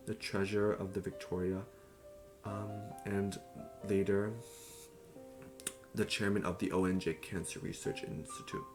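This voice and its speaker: A young man giving a casual book summary, chatty and loose, with fillers and self-corrections. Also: sits low. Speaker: book reviewer. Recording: clear music playing behind.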